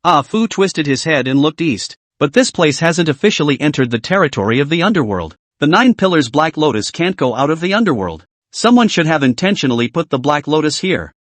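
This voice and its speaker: A man narrating a comic story recap in a scripted, expressive reading. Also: on the high side, fairly quick, few pauses, dry recording.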